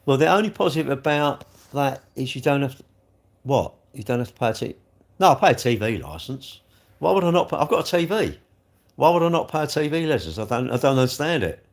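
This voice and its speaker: Brief: rambling, jokey man chatting to his live-stream viewers, mid-pitched. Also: sing-song, a little fast. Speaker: livestream host reading chat. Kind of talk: casual live chat.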